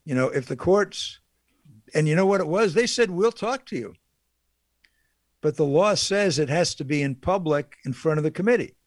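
A man's voice: a little high, no room sound, studio quality. A man delivering an indignant, sarcastic political monologue as a talk radio host.

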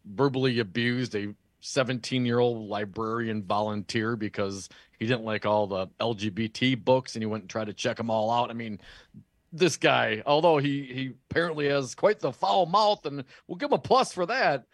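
A man's voice: medium pitch, moderate pace, dry recording. Bantering male co-host on talk radio. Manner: laughs easily, sarcastic banter. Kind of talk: casual political talk radio.

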